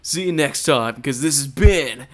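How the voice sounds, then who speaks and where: A man's voice: mid-range voice, expressive, measured pace, lightly acted. Guy doing a chill surfer bro, zoned out, all dude and like. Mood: laid-back. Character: spaced-out young male surfer dude. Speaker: podcast co-host. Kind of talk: comedic character podcast.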